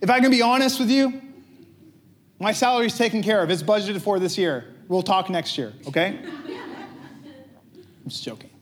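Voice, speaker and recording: A man with a notably high voice preaches a sermon in an easy, conversational way. He asks his listeners rhetorical questions and slips in light jokes between scripture readings. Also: fairly quick, slight background noise. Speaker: pastor.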